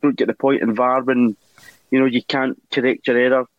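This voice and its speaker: A man giving calm, measured football analysis as a podcast guest. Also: medium pitch, dry recording. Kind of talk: casual football podcast chat. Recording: dry, dull lo-fi mic.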